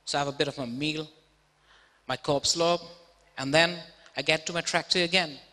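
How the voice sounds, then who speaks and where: A boastful Texan farmer drawls out his long story, as a man puts him on. He sits lower than the speaker's own voice and talks slower, and the big hall rings around him. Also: steady tone, pushed and bright. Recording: reverberant auditorium.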